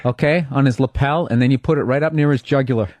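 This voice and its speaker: A man's voice: mid-range voice, quick pace, a little mellow, dry recording. Wisecracking man heckling his co-host. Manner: teasing, interrupting with wisecracks. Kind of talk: comedic radio banter. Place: radio studio.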